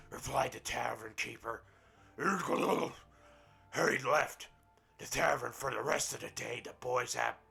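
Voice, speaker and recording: Gravelly, husky man mocking a book. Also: mid-range voice, bright, forceful tone. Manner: crude mocking asides, profane. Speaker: gaming roleplay streamer. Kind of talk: reading a book aloud with commentary.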